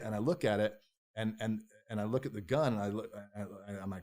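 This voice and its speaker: A man with a fairly low-pitched voice, a guest on an interview podcast, recounting his own story. He talks in a raw, emotional way, swears freely and restarts his sentences often. He also voices his past thoughts as quoted self-talk. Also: fairly even intonation, fast talker, a little mellow. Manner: raw, profane and emotional, with many restarts and repeated phrases.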